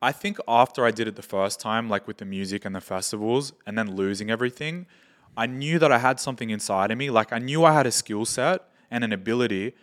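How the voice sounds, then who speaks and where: A man's voice: mid-range voice, fast talker, fairly bright tone. A young Australian man, a podcast guest, telling anecdotes in casual chat, swearing freely and quoting people in his stories.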